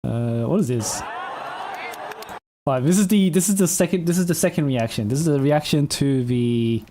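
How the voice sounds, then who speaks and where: A man's voice: fairly high pitch, lively intonation, normal speed. A man, the host, commenting casually on event footage, chuckling often and rambling with restarts. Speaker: channel host. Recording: loud event crowd and noise behind.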